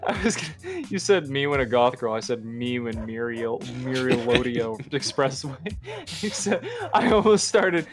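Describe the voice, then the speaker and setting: A young man playing along with friends, joking, and shouting whenever something surprises him. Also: mid-range voice, animated, normal speed, hardly any pauses, over loud music. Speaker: co-player. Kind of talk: casual gaming banter.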